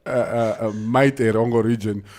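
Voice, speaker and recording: A man's voice: medium pitch, steady tone, normal speed, darkish tone. A man hosting a morning radio show, reading out listener comments and laughing often on a studio mic. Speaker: radio host.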